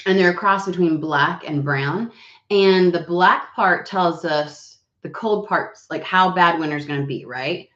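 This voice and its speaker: Casual tarot reader, a woman, sniffly and rambling, lower pitch, echoey room. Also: slow pace, fairly bright tone. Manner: rambling, swearing, many fillers. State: recovering voice, sniffly. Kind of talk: casual chat and card reading. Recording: roomy, dull lo-fi sound.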